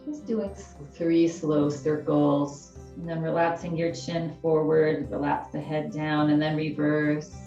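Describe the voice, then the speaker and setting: A woman teaches chair yoga in a low, mellow voice, guiding the class with soft and soothing cues. She takes her time over every instruction. The room sounds roomy and a little dull, she is heard from some way off the mic, and faint music plays behind her. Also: little pitch movement, a little slow, few pauses, distant mic.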